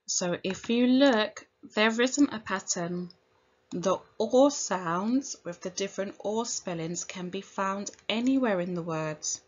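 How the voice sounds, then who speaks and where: Slow, clear woman teaching phonics. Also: mid-range voice, muffled recording. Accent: British English. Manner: slow, clear, sounding out each letter. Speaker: primary school teacher. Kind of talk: recorded phonics lesson for young children.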